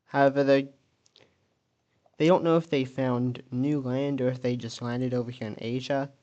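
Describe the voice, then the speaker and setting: A man's voice: mid-range voice, steady tone, moderate pace, dark tone, dull audio. A man casually narrating an alternate-history map video, thinking aloud and correcting himself as he goes.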